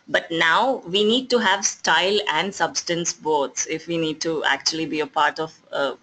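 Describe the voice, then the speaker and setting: A communication skills trainer with an Indian English accent, lecturing at an even pace and often pausing on fillers and restarts. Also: mid-range voice, poor audio. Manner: explanatory, with frequent fillers and restarts.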